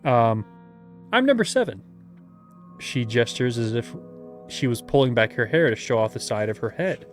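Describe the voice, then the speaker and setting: A man's voice: medium pitch, moderate pace, soft background music. A man reading a gamebook aloud as game master, with playful asides and laughter.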